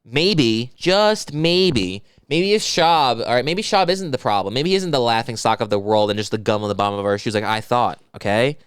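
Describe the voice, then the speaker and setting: A man's voice: medium pitch, expressive, moderate pace, few pauses, smooth, no room sound, clean studio sound. A man co-hosting a comedy podcast, riffing and mocking with lots of swearing. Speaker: podcast co-host. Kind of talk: casual comedic chat.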